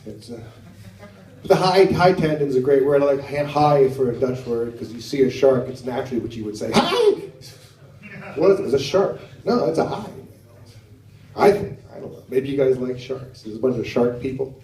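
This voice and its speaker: An American man performing a stand-up comedy set on a club stage, talking in a halting way with many fillers and asides to the crowd. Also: mid-range voice, mellow. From United States. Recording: roomy venue sound from a distance.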